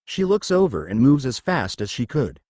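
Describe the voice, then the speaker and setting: A man's voice: mid-range voice, big pitch swings, normal speed, a little mellow, no room sound, clean studio sound. A man narrating a first-person fan fiction story and reading every character's lines in his own voice. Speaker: fanfiction narrator.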